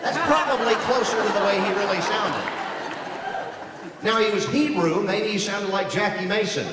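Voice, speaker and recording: A man, a voice actor, giving a comedic speech to an audience, telling stories in an animated way and slipping into character voices. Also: high-pitched, moderate pace. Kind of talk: comedic keynote speech with impressions. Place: large hall before an audience. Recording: echoey hall recording from far off, crowd noise.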